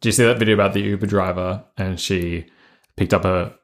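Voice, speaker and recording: Aussie guy podcast cohost, lowish voice, rambly storyteller, lots of ums. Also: fairly even intonation, a little fast. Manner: rambling retelling with many "um" and "like" fillers. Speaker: podcast co-host. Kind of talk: casual chat, storytelling.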